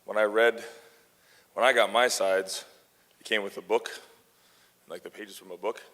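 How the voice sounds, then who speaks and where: A male actor telling a story on a convention panel, animated, laughing and swearing freely, in a large hall with a handheld mic. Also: lowish voice, moderate pace. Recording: reverberant hall, faint noise.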